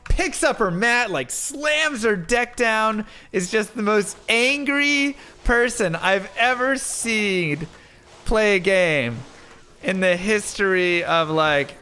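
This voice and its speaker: A man live-streaming, telling a rambling story in a casual, animated way with lots of filler words. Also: high voice, takes it slowly, clean tone. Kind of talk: casual storytelling while gaming.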